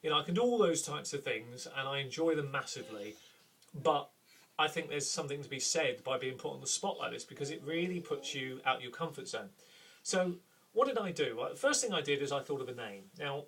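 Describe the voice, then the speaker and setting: A man's voice: mid-range voice, lively intonation, fairly quick, fairly bright tone, far from the mic, slight background noise. A middle-aged man from the UK, a game master hosting a chatty, self-deprecating tips talk. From United Kingdom.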